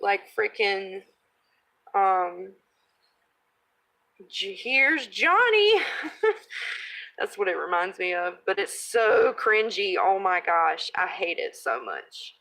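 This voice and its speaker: Woman in her 30s chatting slow while crafting, rambly, self-deprecating, laughs a lot, clears her throat. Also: lowish voice, fairly bright tone, poor audio. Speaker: craft video host. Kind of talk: casual chat while crafting.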